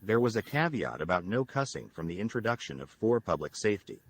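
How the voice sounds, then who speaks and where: Fast, lively low-voiced man narrating a recap. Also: dry recording. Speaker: video narrator.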